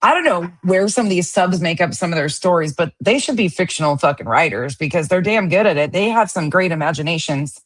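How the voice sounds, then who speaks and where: A woman's voice: fairly low pitch, animated, brisk, few pauses. A woman hosting a casual commentary show, reacting to stream clips in a sarcastic, profane and mocking way. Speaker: host.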